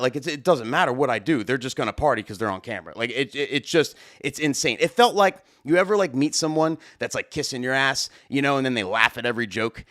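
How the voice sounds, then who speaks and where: A young adult man, a wedding DJ hosting his own show, tells a story casually, with a rambling, excitable delivery full of fillers and swearing. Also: mid-range voice, fast, few pauses, no echo, studio quality.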